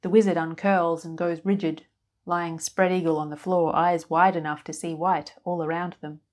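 Calm woman reading a story aloud. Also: on the low side, moderate pace. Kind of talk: scripted fiction narration.

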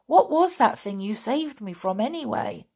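A woman reading as a young boy wizard in a storybook, anxious and startled. The voice lifts higher than the narration, with a breathless edge. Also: expressive, moderate pace, a little mellow, breathy edge. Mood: puzzled. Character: frightened schoolboy wizard.

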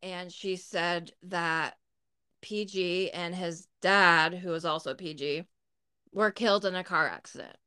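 A woman's voice: on the low side, fairly even intonation, a little slow, pushed and bright, clear, resonant tone. A woman co-hosting a podcast, telling a personal story in a candid, blunt way and swearing freely. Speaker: podcast co-host. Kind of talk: casual storytelling.

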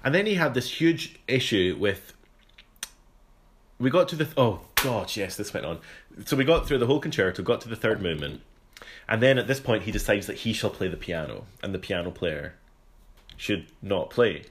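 Chatty Scottish man with a low voice. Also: lively intonation, moderate pace. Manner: chatty, rambling, laughs often. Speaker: podcast co-host. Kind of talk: casual chat, storytelling.

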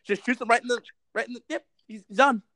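Animated, profane man recapping a movie. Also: very high-pitched, fast talker, dry recording, poor audio. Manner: animated, profane storytelling with sarcastic asides. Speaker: movie reviewer. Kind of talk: casual podcast chat.

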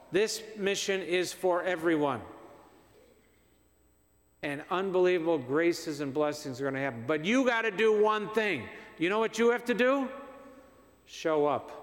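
A man preaching in a church with a notably high voice, his words trailing off into long reverb. He talks to the congregation conversationally, repeats lines for emphasis and sounds somewhat tired. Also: a bit bright. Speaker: visiting priest. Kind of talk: parish mission homily.

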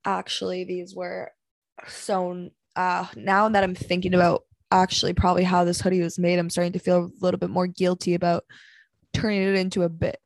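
A woman's voice: fairly low pitch, monotone, fairly quick, dry recording. A young woman hosting a podcast from home, rambling through stories in an exasperated, heavily profane way. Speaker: podcast host. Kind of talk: casual solo podcast rant. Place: small house at home.

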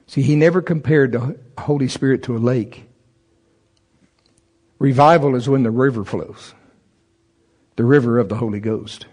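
A man preaching a sermon to a congregation, telling a personal story with humor and laughing through it. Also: slightly rough. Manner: animated, voice jumps high and loud in excited retellings; humorous, laughs through his own stories. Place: church service before a congregation.

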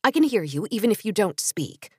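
A woman voicing a mysterious, stern telepathic woman in an audiobook story, speaking slowly and commandingly. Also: medium pitch, very animated, husky, no echo, studio quality. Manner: slow, commanding.

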